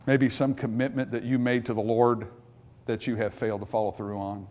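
A man preaching a revival sermon to a congregation in church, swinging from loud, rising passages to low, quiet ones and acting out small dialogues between characters. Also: flat delivery, a little fast.

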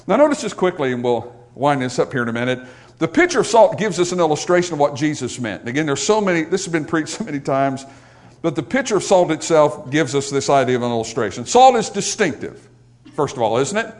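This middle-aged male pastor preaches fast in a high, lively voice whose pitch rises and falls constantly. He mixes folksy jokes aimed at the congregation with loud, emphatic declarations, swinging back down to soft, quiet asides.

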